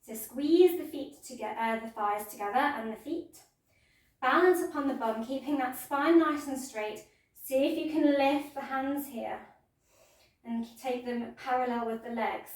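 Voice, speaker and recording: A woman teaching a yoga class, giving gentle, playful step-by-step cues. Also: high-pitched, unhurried, recorded from a distance. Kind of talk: guided yoga class instruction. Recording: echoey room, voice from off mic.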